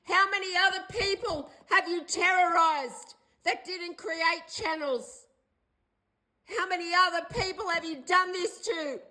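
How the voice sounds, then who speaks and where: A woman's voice: very high-pitched, a little slow, sharp tone, low-quality recording. An older Australian woman in a distressed direct-to-camera video, pleading and accusing in an agitated way and repeating herself. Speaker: vlogger.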